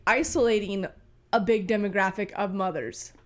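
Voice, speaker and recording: Female podcast co-host, casual, quick to push back, mid-range voice. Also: mid-range voice, steady tone. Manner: quick, teasing, pushes back.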